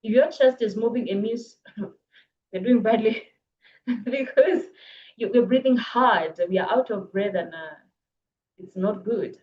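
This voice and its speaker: A woman coaching public speaking in a live online workshop, brisk and encouraging, reading viewers' comments aloud. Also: fairly high pitch, dull audio, a little hiss or hum. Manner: brisk, encouraging, reads chat comments aloud, laughs often. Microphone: video call.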